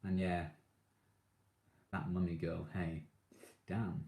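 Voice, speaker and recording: A man's voice: sits low, normal speed, reverberant, phone-quality sound. A man chatting casually on a live stream, reading out viewer comments and gushing about his favourite shows with frequent laughs.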